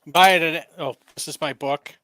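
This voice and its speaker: A man on a podcast talks in a bright, lively voice. He rambles and promotes his own work with loose filler words. He cracks jokes with the hosts throughout. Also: on the high side, moderate pace, no echo. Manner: rambling, self-promoting, joking. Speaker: author and podcast guest. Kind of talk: casual podcast chat.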